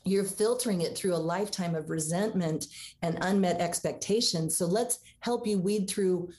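A woman's voice: fairly low pitch, moderate pace, mellow. A woman guest author talking earnestly about marriage and faith in a radio interview. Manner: earnest, preaching tone.

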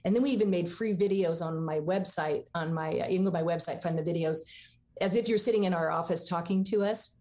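A woman's voice: on the low side, quick pace, a little mellow. A woman guest author talking earnestly about marriage and faith in a radio interview. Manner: earnest, preaching tone.

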